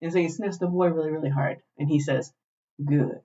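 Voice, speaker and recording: A woman co-hosting a podcast, retelling a show in animated, profane casual chat. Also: low voice, fast talker. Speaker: podcast co-host. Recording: dull lo-fi glitchy recording.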